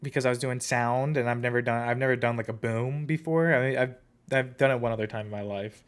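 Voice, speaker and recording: A man's voice: mid-range voice, steady tone, fast, clear, resonant tone. A young man hosting a podcast, telling a rambling story in casual chat with lots of fillers. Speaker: podcast host.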